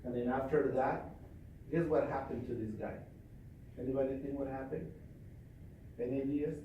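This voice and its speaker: A male trainer telling a story at a live seminar in a forceful, commanding, repetitive way. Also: mid-range voice, fairly even intonation, moderate pace, muffled recording, slight background noise. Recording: echoey hall from far off.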